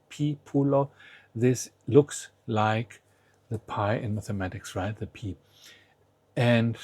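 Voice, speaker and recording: A man's voice: on the low side, darkish tone, slightly rough, no room sound. A man teaching a language lesson to the viewer, patiently asking the learner to try each word before he says it.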